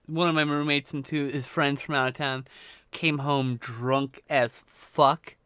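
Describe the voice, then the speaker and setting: A man's voice: medium pitch, steady tone, measured pace, a bit bright, smooth, no echo, clean studio sound. A man hosting a livestream, telling a rambling, profane anecdote in casual chat, full of restarts and swearing. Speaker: livestream host.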